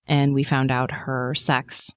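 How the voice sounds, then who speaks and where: Chatty low-voiced woman guest. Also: takes it slowly, no room sound, clean studio sound. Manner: chatty, many fillers, animated when quoting people. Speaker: podcast guest telling her birth story. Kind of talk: casual chat.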